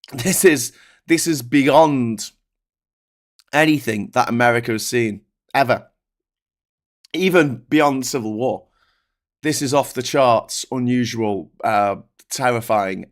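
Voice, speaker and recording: A man hosting a political livestream, ranting in an exasperated, sweary way. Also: medium pitch. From United Kingdom.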